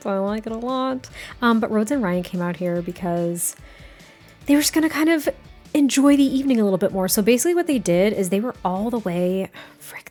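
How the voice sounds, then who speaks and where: A woman's voice: mid-range voice, a little mellow. A woman casually narrating a life-sim story, chatty and giggly, rambling and restarting her sentences. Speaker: game narrator. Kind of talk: casual let's-play storytelling.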